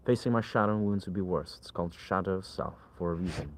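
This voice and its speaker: A man with a somewhat low voice talks loosely on his livestream. He rambles, leans on filler words and answers his chat as he goes. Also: fast talker, noisy background.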